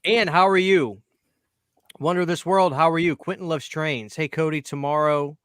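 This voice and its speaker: A man's voice: fairly high pitch, fairly even intonation, smooth, no room sound, studio quality. Upbeat man hosting a livestream. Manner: upbeat, reads chat names quickly. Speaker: livestream host. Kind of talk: casual livestream chat.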